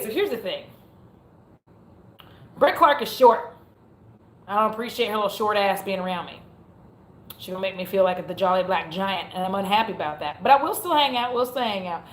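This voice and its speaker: A young adult woman chatting casually on her livestream, giggling, mocking herself and swearing freely. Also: mid-range voice. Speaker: beauty YouTuber hosting a livestream. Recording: roomy echo.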